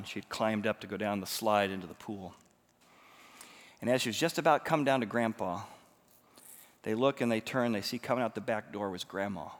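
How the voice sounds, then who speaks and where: A pastor preaching a sermon, moving between hushed storytelling and loud, emphatic passages. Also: male voice, fairly low pitch. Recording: long reverb of a large hall.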